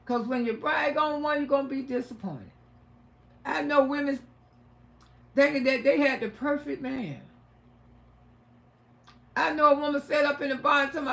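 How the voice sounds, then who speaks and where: A woman hosting a livestream, telling stories loudly and profanely, often laughing. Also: sits high, normal speed, vocal fry, pauses often. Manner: loud, animated, laughing, profane advice to women. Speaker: livestream host. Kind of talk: casual storytelling livestream.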